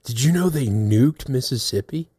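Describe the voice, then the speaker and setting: A man's voice: medium pitch, lively intonation, moderate pace, warm tone, husky, no echo, clean studio sound. A man hosting a podcast in casual chat, often laughing between his remarks. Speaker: podcast host.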